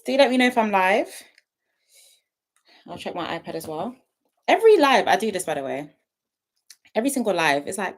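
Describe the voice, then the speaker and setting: A woman's voice: mid-range voice, very animated, fairly quick, pauses often. A woman, chatting casually on a home livestream and greeting viewers by name. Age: 20s. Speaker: YouTube livestream host. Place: at home, her sister's house.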